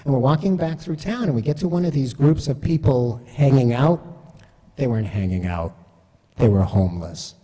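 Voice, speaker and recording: Male speaker, mellow tone, animated storytelling, hall reverb. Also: medium pitch, moderate pace. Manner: chatty, self-deprecating, animated. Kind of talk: storytelling talk.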